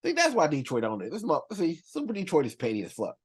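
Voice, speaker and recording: Slangy, animated male reaction host. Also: on the high side, quick pace, husky. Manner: animated, slangy, rambling with many fillers. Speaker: movie reaction channel host. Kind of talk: casual list commentary.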